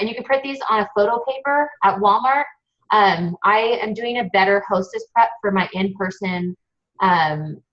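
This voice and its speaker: A woman's voice: mid-range voice, fairly bright tone. Gushing chatty woman, lo-fi audio. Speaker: webinar host. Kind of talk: casual webinar chat.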